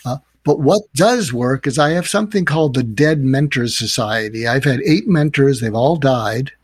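Man, podcast guest, earnest storytelling, mid-pitched voice, dry sound. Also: animated, normal speed, breathy edge, dry recording. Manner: earnest, reflective, advising. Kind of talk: conversational storytelling.

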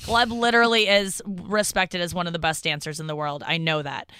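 A woman's voice: lowish voice, steady tone, brisk, pushed and bright, clean tone, no room sound, clean studio sound. A woman hosting a podcast in casual chat, rambling and self-deprecating with many fillers and restarts. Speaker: podcast host.

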